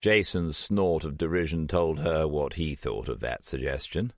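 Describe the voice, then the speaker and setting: A man narrating an audiobook in a measured storytelling manner. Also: extremely low pitch, dry recording, studio quality.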